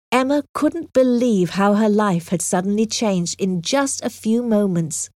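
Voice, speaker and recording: Woman reading an audiobook, lots of melody, clear and expressive, dry close sound. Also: medium pitch, dry recording. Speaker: narrator. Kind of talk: audiobook narration.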